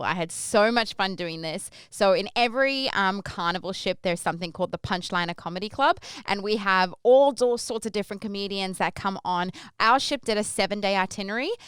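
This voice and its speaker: Australian woman telling stories, crisp dry voice. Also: medium pitch, no echo. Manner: chatty, rambling, lively when acting out her stage intros. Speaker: podcast host. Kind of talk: casual storytelling.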